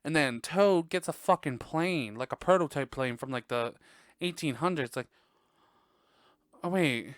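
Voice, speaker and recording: Profane, animated podcast host man. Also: a little high, a little slow, long pauses, dry recording, clean studio sound. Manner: profane, animated, laughs often. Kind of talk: casual movie review chat.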